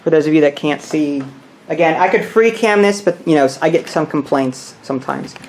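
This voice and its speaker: A man hosting a board game session, explaining the rules and counting pieces out loud as he plays. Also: fairly high pitch, moderate pace. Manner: thinks aloud, counting pieces and muttering rules. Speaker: host. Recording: roomy room with faint noise.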